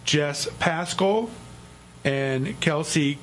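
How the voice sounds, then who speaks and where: Halting, joking male radio host. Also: mid-range voice, a little hiss or hum. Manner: halting, stumbles over words and jokes. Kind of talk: casual radio chat.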